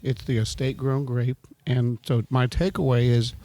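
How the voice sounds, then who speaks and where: A man co-hosting a wine podcast who sounds well informed about grapes. He speaks in a measured way and is plainly enthusiastic. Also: medium pitch, little pitch movement, warm tone. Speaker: podcast co-host, wine expert. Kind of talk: casual chat. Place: at a winery.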